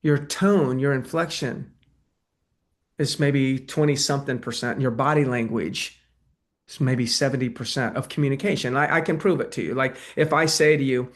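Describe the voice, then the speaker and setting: A man teaching agents how to win listings, lively, and he acts out both sides of a talk with a client. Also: mid-range voice. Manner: energetic, acts out client dialogue. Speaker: real estate trainer. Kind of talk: sales training talk.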